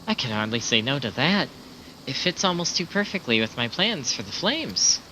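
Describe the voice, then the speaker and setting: A man's voice: mid-range voice, very animated, moderate pace, bright, forceful tone, slight background noise, pitched above the performer's own voice, low-quality recording. A man voicing a proud, devoted male soldier captain, reading solemn formal lines close to his own voice over game music.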